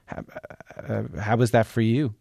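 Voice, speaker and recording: A man hosting an interview, gentle and measured as he asks questions and introduces a clip. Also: lowish voice, flat delivery, gravelly, no room sound, clean studio sound. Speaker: interview host. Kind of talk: broadcast interview.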